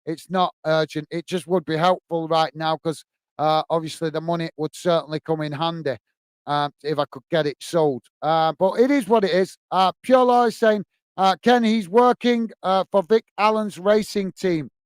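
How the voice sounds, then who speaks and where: A man's voice: on the high side, fairly even intonation, moderate pace, smooth, dry recording. A man hosting a live football watch-along, reading viewers' chat messages aloud and chatting back casually. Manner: reads viewer comments aloud, friendly and chatty. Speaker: livestream host reading chat.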